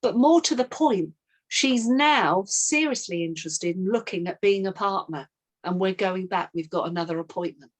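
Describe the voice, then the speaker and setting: A woman's voice: medium pitch, normal speed. A middle-aged woman leading a team coaching session, telling a sales story and acting out both sides of the call.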